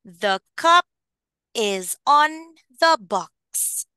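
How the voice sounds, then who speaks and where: A woman teaching a young child phonics in an online lesson, encouraging and clearly enunciated. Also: high voice, lively intonation, extremely slow, pushed and bright, dry recording, studio quality. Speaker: English teacher.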